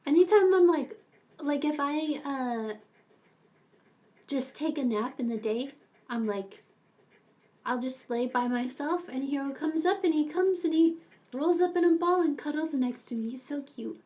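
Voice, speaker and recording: A woman's voice: animated, measured pace, darkish tone. A young adult woman streaming, chatting casually with viewers in a rambling way and laughing often. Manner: switches to a high, cooing voice to talk to her pets.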